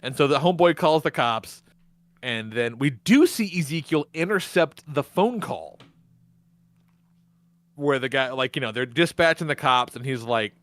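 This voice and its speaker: A man's voice: mid-range voice, lively intonation, normal speed, a bit bright, no echo. A man hosting a podcast, retelling a movie's plot in casual chat, swearing often and laughing along the way. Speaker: podcast host.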